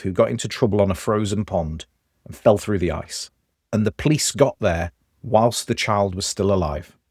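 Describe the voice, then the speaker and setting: A man with a Stoke Midlands accent, a podcast guest telling lively examples in casual conversation. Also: lowish voice, dry recording, studio quality. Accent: Stoke, English Midlands.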